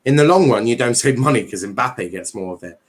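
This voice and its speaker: A man's voice: mid-range voice, lively intonation, fairly quick, husky. A man hosting a casual football chat stream, talking in a rambling way with many fillers and restarts. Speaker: livestream host.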